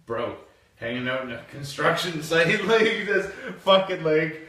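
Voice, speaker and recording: A man's voice: a little high, unhurried. Profane young man telling a story. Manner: profane, animated, laughing storyteller. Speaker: podcast host. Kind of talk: casual storytelling. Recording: echoey room from far off.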